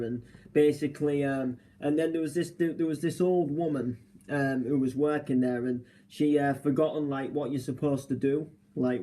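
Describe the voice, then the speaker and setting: A man's voice: mid-range voice, dark tone, rough recording. A young man, live streaming casual chat from a hotel room, rambling with lots of fillers and restarts.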